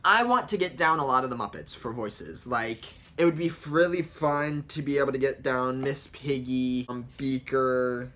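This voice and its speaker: Young guy rambling about his impressions, bright voice, lots of ums. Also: medium pitch, normal speed, few pauses. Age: young adult. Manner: rambling, explains with many fillers. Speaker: vlogger doing voice impressions. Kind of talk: casual chat.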